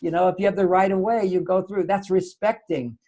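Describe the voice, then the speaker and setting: A man's voice: high voice, fairly quick. An older man, a relationship author, telling stories animatedly in an interview and acting out both sides of the conversations. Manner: lively, acts out both sides of conversations, laughs often.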